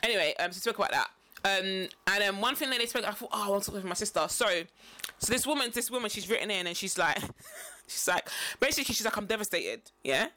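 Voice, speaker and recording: A woman's voice: medium pitch, expressive, fast, bright, forceful tone. A woman co-hosting a podcast, chatting playfully and teasing her co-host. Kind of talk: casual chat.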